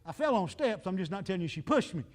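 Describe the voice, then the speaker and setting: A man's voice: sits high, very animated, quick pace. A man, preaching a folksy, joking sermon and talking straight to the congregation. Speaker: pastor.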